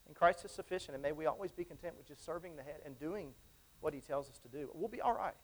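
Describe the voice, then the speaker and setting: A man's voice: a little high, fast, husky. A man preaching a sermon to his congregation in church, emphatic and repetitive, often asking them questions. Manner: emphatic, repeats phrases, asks the congregation questions.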